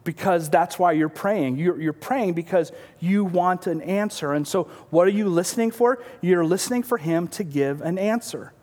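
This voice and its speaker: High-voiced male pastor in a reverberant hall. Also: moderate pace, hardly any pauses, darkish tone. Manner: earnest, repeats words, drops to a whisper for emphasis. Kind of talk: sermon.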